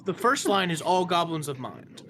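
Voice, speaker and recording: A man's voice: fairly high pitch, sing-song, normal speed, a crowd in the background. A man playing in a tabletop game over a call, hesitant and often restarting his sentences. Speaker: player. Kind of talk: casual chat over a voice call.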